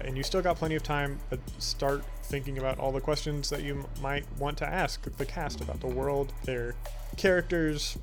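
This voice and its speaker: A man hosting a tabletop podcast, chatty and upbeat, reading announcements and narrating the game. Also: a little high. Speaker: game master and podcast host.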